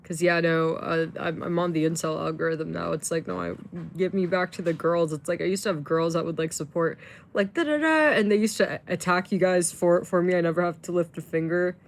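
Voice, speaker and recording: A woman's voice: on the low side, level tone, fairly quick, a little hiss or hum. A woman livestreaming in casual chat, rambling with lots of fillers and swearing when frustrated.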